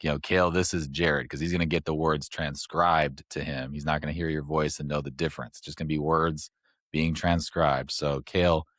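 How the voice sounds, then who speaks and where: A man's voice: extremely low pitch, fairly even intonation, brisk, fairly bright tone, no room sound, clean studio sound. A man hosting a podcast, explaining things at length in a rambling, casual way. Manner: rambling, explains step by step with fillers. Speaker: podcast host.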